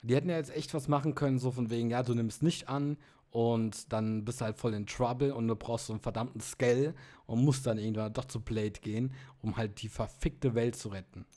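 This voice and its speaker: A man's voice: mid-range voice, steady tone, a little fast, dark tone. A man casually commenting on a video game, muttering and getting frustrated. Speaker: let's player. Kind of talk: gameplay commentary.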